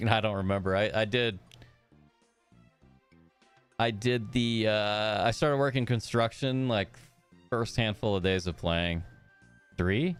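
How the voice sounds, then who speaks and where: A man's voice: fairly low pitch, expressive, unhurried, pauses often, clean tone, faint music behind. A young man streaming a game live, chatting upbeat with his viewers and reading the characters' dialogue aloud in his own voice.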